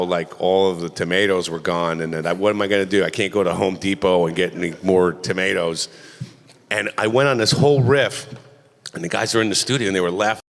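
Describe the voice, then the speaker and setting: A middle-aged man answering questions at a convention panel, animated and joking, rambling loosely with plenty of asides. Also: low voice. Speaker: voice actor panel guest. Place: large convention panel hall. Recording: echoey convention hall.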